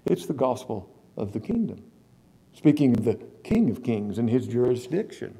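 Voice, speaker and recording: A male pastor preaching a sermon in a church, stressing key words slowly and putting questions to the congregation. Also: mid-range voice, big pitch swings, vocal fry, mellow, breathy edge.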